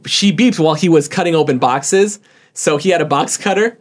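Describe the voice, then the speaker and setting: Rambling man telling a story, fairly high. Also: brisk. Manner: rambling, stumbles and repeats words. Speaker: storyteller among friends. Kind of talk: casual chat.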